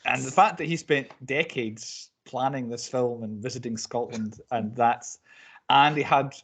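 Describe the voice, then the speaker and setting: A man hosting a casual podcast chat, brisk and joking as he runs through award nominees. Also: mid-range voice, fairly bright tone, slightly rough. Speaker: podcast host.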